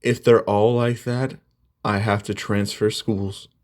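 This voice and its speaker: A man's voice: fairly low pitch, little pitch movement, takes it slowly, a little mellow. A man voicing a small, whiny teenage boy in a spoken fan story.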